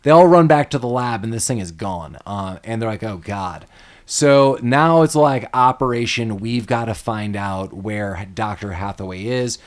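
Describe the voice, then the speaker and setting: Male podcast host, casual, animated recap, acts out characters. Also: lowish voice, normal speed, few pauses. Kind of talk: casual movie recap chat.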